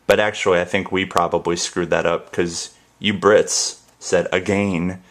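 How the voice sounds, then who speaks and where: A man's voice: deep voice, flat delivery, a little slow, a bit bright. A young American man rambling casually in a vlog, playful and goofy, trying words out over and over. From United States. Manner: goofy, playful, repeats words in different ways. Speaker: ASMR channel host.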